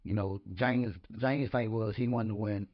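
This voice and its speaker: On a slightly dull lo-fi podcast recording, a former boxer chats as a guest, telling stories in a relaxed, rambling manner and repeating words as he begins each thought. His voice is fairly low and steady, his pace a little slow.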